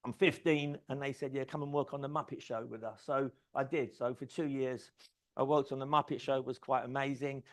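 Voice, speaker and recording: A middle-aged man giving a keynote talk, telling lively anecdotes, swearing freely and acting out quoted conversations. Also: mid-range voice, fairly quick. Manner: animated anecdotal storytelling, swears freely, acts out quoted dialogue. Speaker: conference speaker. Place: event stage.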